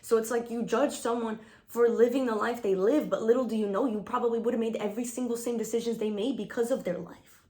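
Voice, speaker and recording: A woman's voice: on the high side, fairly even intonation, quick pace, a little mellow. A woman vlogger chatting casually while getting ready, slangy and profane, laughing often. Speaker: beauty vlogger. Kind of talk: casual get-ready-with-me chat.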